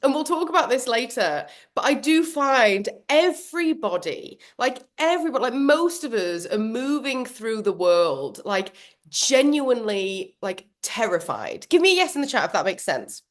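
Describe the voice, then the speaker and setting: A woman leading an online workshop on a video call, animated and quick to laugh, often acting out what goes on in people's heads. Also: a little high. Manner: animated, laughs often, acts out inner voices. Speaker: workshop trainer. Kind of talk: live online workshop talk.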